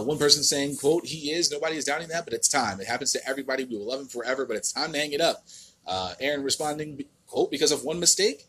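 A man's voice: a little high, bright, forceful tone, a little hiss or hum. A man with an American accent hosting a podcast, ranting in a casual, exasperated and profane way with many restarts. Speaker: podcast host.

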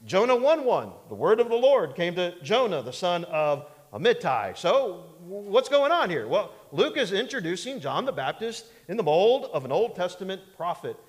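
Sing-song and high, this male preacher keeps a moderate pace with few pauses. In the church sanctuary, with long reverb in the hall, he folksily jokes, imitates voices in mockery and asks for amens from the congregation.

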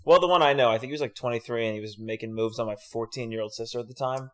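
A man's voice: mid-range voice, racing, a bit bright. A young man co-hosting a podcast in casual, rambling, joking chat. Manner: joking, rambling, laughs often. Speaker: podcast co-host.

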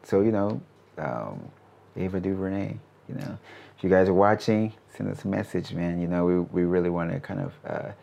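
A man in his thirties answering interview questions in a relaxed, rambling way, with many fillers and restarts. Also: deep voice, normal speed, creaky. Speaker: animation studio CEO, interview guest.

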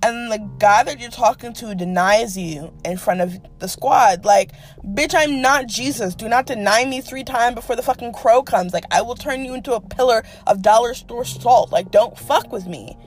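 A woman's voice: on the high side, normal speed, faint music behind. A young woman hosting a podcast, telling a dating story in a casual, profane, dramatic way. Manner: animated, profane, dramatic with quoted asides. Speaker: podcast host.

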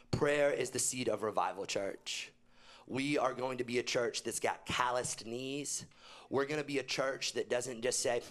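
Preaching in his church's auditorium, the young pastor is full of energy. Quotations come out quiet and low, while his emphasis arrives in high, loud jumps.

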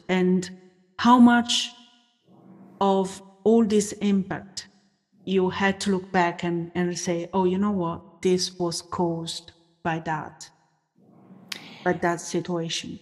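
Female interviewer, unhurried and hesitant, slightly low voice, long reverb. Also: fairly even intonation. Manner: measured, hesitant fillers. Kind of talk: interview questions.

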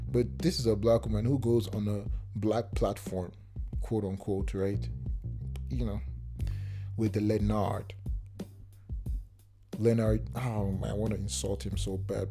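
Man ranting on his podcast, mellow tone. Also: on the low side. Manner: heated ranting that drops into calm murmurs; casual slang-heavy talk with filler restarts. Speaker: podcast host. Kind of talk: solo podcast rant.

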